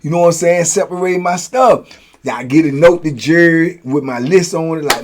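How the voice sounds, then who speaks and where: Male storyteller, casual prison tales, animated, fairly high voice. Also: brisk, background noise. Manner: animated, acting out blows with sound words. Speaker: storyteller, host.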